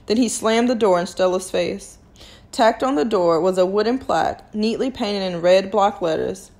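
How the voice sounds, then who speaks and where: A woman reading a novel aloud chapter by chapter, telling the story in a calm, steady way. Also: medium pitch, moderate pace. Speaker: reader of a novel.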